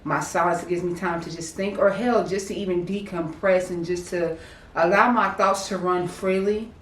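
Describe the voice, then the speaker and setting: Calm, thoughtful woman co-host, roomy. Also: lowish voice, moderate pace. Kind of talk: casual chat. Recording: echoey room, distant mic, faint noise.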